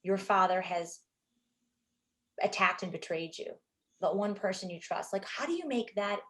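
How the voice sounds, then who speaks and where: A middle-aged woman filmmaker, telling stories from a shoot in an interview, animated and quick to act out what people said. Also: medium pitch. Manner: animated, acts out quotes, many fillers. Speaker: filmmaker guest. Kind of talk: interview storytelling.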